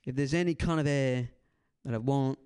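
A man in his twenties from the San Francisco Bay Area does stand-up crowd work on a club stage, rambling in a laid-back drawl that trails off and keeps adding "man." His medium-pitched voice is smooth and a little mellow, at a normal speed.

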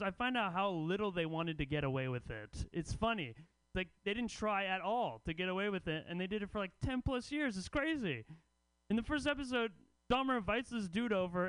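A male stand-up comic with a notably high, smooth, resonant voice. He delivers his set with wry, deadpan asides to the audience. The recording is close and dry. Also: no room sound. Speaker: comedy festival host and comic.

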